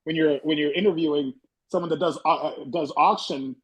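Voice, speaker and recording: A man's voice: fairly high pitch, steady tone, a little fast, fairly bright tone, slightly rough, poor audio. A man co-hosting an interview, teasing the guest dryly and stammering as he starts his lines. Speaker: co-host. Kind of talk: casual interview banter.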